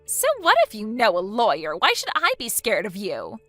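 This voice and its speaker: A woman's voice: mid-range voice, huge pitch swings, moderate pace, sharp tone, faint music behind, heavily acted. A synthetic woman's voice playing an entitled young woman who talks in an indignant, self-pitying way.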